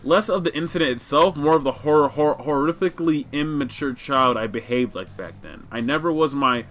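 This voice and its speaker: A man voicing a sardonic teenage girl, in a measured, wordy manner. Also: a little high, a bit bright, faint music behind, close to an everyday voice. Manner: measured, wordy, self-deprecating.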